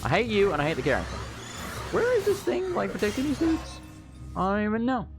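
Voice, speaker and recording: A man's voice: sits high, wildly swooping pitch, brisk, over music. Chatty man gaming. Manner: chatty, rambling, swears freely. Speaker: gaming channel host. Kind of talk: casual let's play commentary.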